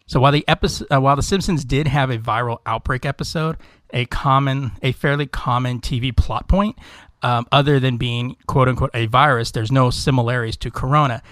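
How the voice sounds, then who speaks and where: Podcast co-host, male, mid pitch, rambling chatty delivery, dry sound. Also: fairly even intonation, brisk, fairly bright tone, no room sound. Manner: loose, rambling, swears freely, lots of fillers. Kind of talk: casual chat. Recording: dry close mic.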